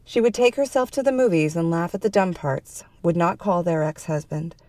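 A woman narrating a dark fantasy story in a measured, even manner. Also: fairly low pitch, dry recording.

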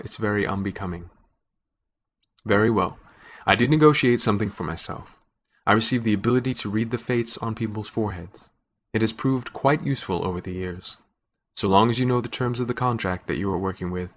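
A man reading a story aloud in first person, with measured, scripted narration. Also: fairly low pitch, fairly bright tone.

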